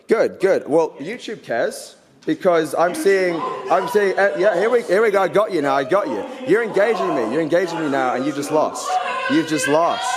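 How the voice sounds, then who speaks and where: A young man getting hoarse, ranting in a confrontational, rambling way, with many restarts and repeated words. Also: a little high, a little mellow. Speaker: vlogger ranting. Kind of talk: heated off-the-cuff rant. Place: indoor university space.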